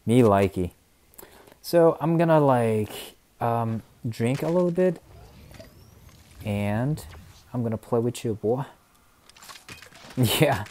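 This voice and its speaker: A young man streaming a video game, chatting casually and excitably, often laughing and mumbling then cheering loudly. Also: medium pitch, takes it slowly, pauses often, slight background noise. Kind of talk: casual live gameplay commentary.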